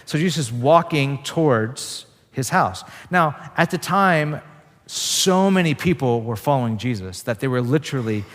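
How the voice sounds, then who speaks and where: Male pastor, mid-pitched, casual sermon delivery, long hall reverb. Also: animated, moderate pace, a bit bright. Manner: casual, conversational preaching with frequent "like" fillers.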